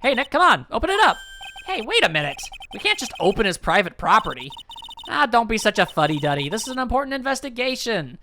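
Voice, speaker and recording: A cheeky, peppy young woman who pushes and teases, with a bright voice full of lively swings, as a woman voices her. She comes from a fan-dubbed game scene. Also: a little high, quick pace, slight background noise. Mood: teasing. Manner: pushy, playful.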